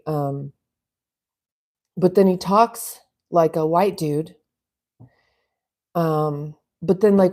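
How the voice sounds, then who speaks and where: A woman's voice: on the low side, warm tone. A middle-aged woman from the US West Coast hosting a casual live stream, rambling chattily and reading out viewer comments. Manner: rambling, chatty, laughs often. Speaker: livestream host reading chat.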